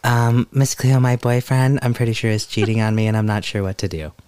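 A woman in casual conversation, lively and laughing as she throws out accent challenges. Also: extremely low pitch, fairly quick, clean tone. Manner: lively, prompting with prompts and laughter. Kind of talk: casual chat.

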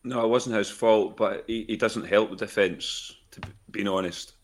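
Deep-voiced male co-host, frank and animated in casual chat. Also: moderate pace. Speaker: podcast co-host.

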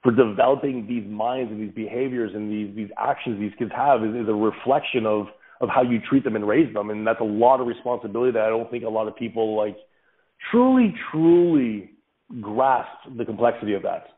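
A father of several kids, interviewed as a guest on a parenting podcast, answers casually in a fairly low, steady voice, speaking fast with hardly any pauses. He is earnest and reflective, explaining his views through everyday examples, over a tinny, phone-like line.

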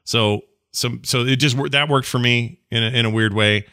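A man co-hosting a casual gaming podcast, animated and joking, often slipping into quoted voices. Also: medium pitch, normal speed, clear, resonant tone, no echo, clean studio sound. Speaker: podcast co-host. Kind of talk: casual chat.

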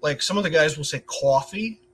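A man with an upstate New York accent speaks as a guest on a podcast, his voice a little higher than most. He chats freely, tells little stories and laughs easily. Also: fairly bright tone, slight background noise. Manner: chatty, quick to laugh, tells anecdotes. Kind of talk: casual chat.

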